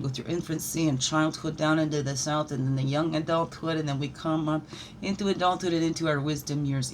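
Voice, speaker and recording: A woman leading a daily spiritual reflection while pulling oracle cards, animated and encouraging, with playful asides. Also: sits low, a little hiss or hum. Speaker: spiritual guide.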